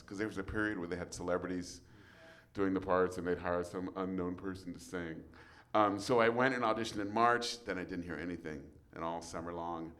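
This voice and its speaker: Low-voiced man telling lively stories. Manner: animated, laughing often while telling stories. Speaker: guest voice actor. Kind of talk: casual interview storytelling. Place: outdoor live show at an RV park.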